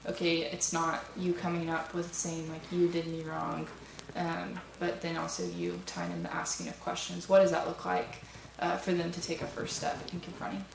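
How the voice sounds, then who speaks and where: A woman's voice: on the low side, normal speed, gravelly, hardly any pauses. A woman on a thesis panel asking the student rambling, thoughtful questions with many ums, speaking into a microphone handed around a school room. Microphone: passed microphone. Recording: roomy, distant, noisy room sound.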